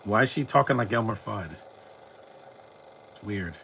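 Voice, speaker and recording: A man's voice: on the low side, expressive, measured pace, vocal fry, fairly bright tone, a little hiss or hum. A man giving casual, rambling live commentary while watching a movie. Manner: rambling, chatty, frequent restarts.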